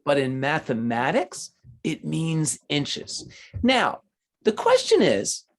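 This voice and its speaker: A man's voice: fairly high pitch, wildly swooping pitch, slow. A man teaching math to children, patient and encouraging as he explains each step. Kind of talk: online class teaching.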